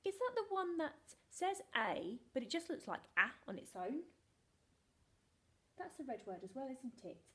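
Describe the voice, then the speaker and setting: High-pitched and bright, with big swings in pitch, a woman speaks at a normal speed in a pushed tone. She's a primary school teacher recording a phonics lesson for young children, sounding out each letter in a playful, sing-song manner while pretending to need their help.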